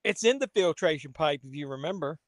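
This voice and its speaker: Man, live stream host, casual rambling chat, fairly high voice, dry close sound. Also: lively intonation, fairly quick, no echo. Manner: rambling, talks to viewers and his pet.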